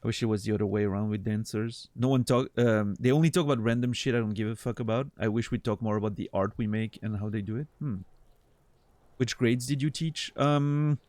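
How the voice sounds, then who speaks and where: A man's voice: fairly low pitch, fairly quick, no room sound. Casual, swearing male streamer. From Switzerland. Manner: relaxed, swears freely, laughs often. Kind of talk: casual gameplay chat with viewers.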